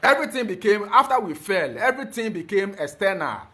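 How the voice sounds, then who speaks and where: A man with a high voice delivers a fervent spiritual talk. He lectures emphatically and keeps stumbling over repeated fillers before pushing on. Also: sing-song, brisk, sharp tone. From Ghana. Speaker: spiritual teacher.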